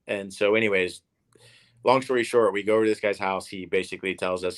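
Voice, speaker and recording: A man's voice: lowish voice, fairly even intonation, fast talker, a bit bright. A man in his thirties from Oklahoma, a professional tennis player telling stories in a casual interview, rambling and repeating words with many fillers. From Oklahoma, USA.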